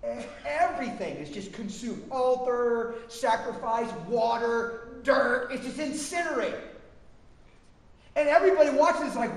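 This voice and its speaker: Brief: animated male preacher, high voice, storytelling sermon, distant mic in a reverberant hall. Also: a little slow. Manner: animated, repeats words, acts out quotes. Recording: echoey hall, distant mic, faint noise.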